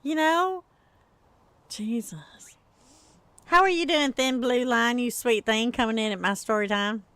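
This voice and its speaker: Middle-aged woman, stream host, chatty and quick to laugh at herself; higher voice. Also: steady tone, a bit bright, smooth, no echo. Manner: laughs often, chatty, self-mocking. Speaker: livestream gaming host. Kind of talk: casual storytelling chat with viewers.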